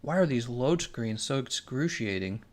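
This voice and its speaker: A man's voice: medium pitch, animated, normal speed. A young man streaming a game, chatting casually and sarcastically, reading viewer messages aloud. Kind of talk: casual gameplay commentary.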